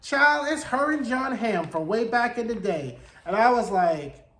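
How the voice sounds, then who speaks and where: A man hosting a casual, chatty TV recap, telling the plot in a gossipy, animated way with slangy asides. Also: very high-pitched, measured pace. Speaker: TV recap host. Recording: roomy echo.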